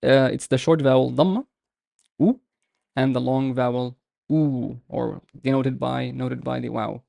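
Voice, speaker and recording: Male teacher, slow and patient, gravelly warm voice, dry close recording, repeats drills. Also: medium pitch, fairly even intonation, no room sound. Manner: patient, repeats words slowly with many fillers. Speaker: language teacher. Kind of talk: slow explanatory lesson.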